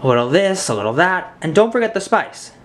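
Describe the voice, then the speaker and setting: A man's voice: sits high, sing-song, brisk, a little hiss or hum, voice pushed up. A man reading aloud voices a wise neighborhood woman who hands out advice in a coaxing, sing-song way.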